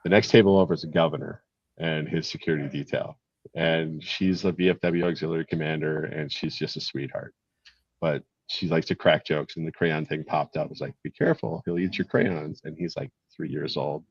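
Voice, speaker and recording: A man's voice: extremely low pitch, steady tone, normal speed, husky, no echo. A man, a Marine veteran hosting, telling stories in a blunt, reflective way over a video call. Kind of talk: casual chat. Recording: dry, muffled lo-fi call audio.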